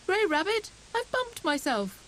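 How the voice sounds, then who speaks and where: A woman voicing an excitable, boastful young male hare in a storybook reading. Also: very high-pitched, measured pace, slight background noise, voice pushed up, exaggerated voice. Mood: excited.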